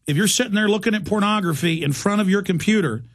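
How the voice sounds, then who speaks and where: A man's voice: sits high, quick pace. A middle-aged man hosting a radio talk show, delivering an urgent, emphatic monologue full of restarts.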